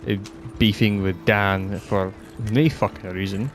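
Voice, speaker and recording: A man's voice: fairly low pitch, fairly even intonation, unhurried, soft background music. A Scottish man ranting bluntly and rambling on a casual podcast, swearing heavily and sounding fed up. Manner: exasperated, fed-up. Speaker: podcast host.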